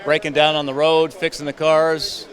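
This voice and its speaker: A man recalling a late friend and their good times in a halting way with many uhs. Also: fairly high pitch, level tone. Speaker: party guest sharing memories. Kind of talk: casual spoken tribute. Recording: busy crowd noise behind.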